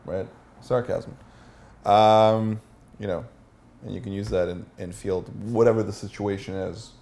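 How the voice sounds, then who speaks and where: A man's voice: on the low side, fairly even intonation, unhurried, dark tone. A man teaching a seminar as a dating coach, asking the room questions and acting out example lines.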